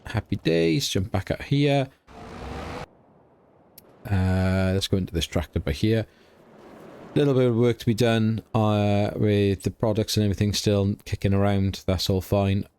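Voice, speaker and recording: Easygoing man, lowish voice. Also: unhurried, dark tone, clear, resonant tone. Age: middle-aged. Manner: easygoing, chatty, thinks aloud. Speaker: let's play host. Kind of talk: casual game commentary.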